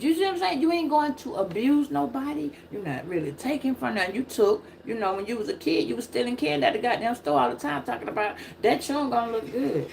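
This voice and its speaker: A middle-aged woman giving a casual live-stream tarot reading, preachy and profane, with loud emphatic bursts. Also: on the high side, gravelly, slight background noise. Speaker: tarot reader.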